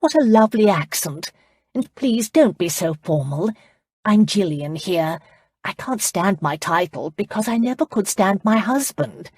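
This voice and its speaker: A woman narrator voicing a lively, outspoken English noblewoman who teases and speaks her mind. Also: medium pitch, measured pace, husky, dry recording. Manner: teasing, outspoken.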